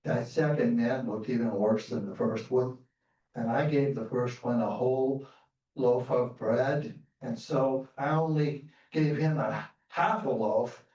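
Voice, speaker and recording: A man's voice: mid-range voice, measured pace, darkish tone, highs cut off, lightly acted. A man voicing Jack, a kind, simple young man who talks in a plain folksy way. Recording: roomy theater sound from far off.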